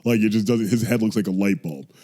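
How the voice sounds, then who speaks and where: Mellow-voiced blunt male co-host. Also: fairly low pitch. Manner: blunt, quick reactions, groans. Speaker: podcast co-host. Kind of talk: casual chat.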